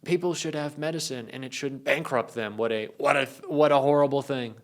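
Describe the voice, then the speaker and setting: A man's voice: mid-range voice, steady tone, a little fast, natural voice. A man mimicking a whiny sneering politician. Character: mocking impression of a whiny politician, adult man.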